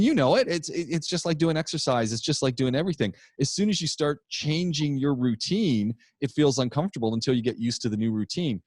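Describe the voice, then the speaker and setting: A man co-hosting a podcast, telling a rambling, animated story about his public speaking class in a casual chat. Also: mid-range voice, no room sound, clean studio sound.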